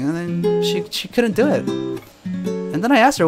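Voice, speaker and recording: A man's voice: high voice, animated, unhurried, over music. A man answering viewer questions in a casual live chat, telling stories and laughing often. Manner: chatty storytelling, laughs often.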